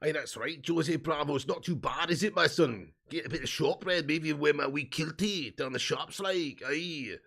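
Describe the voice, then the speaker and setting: A man's voice: a little high, moderate pace, gravelly, hardly any pauses, fairly bright tone, breathy edge, full character voice. A man putting on a mock Scottish accent, playing a boisterous, jokey Scotsman.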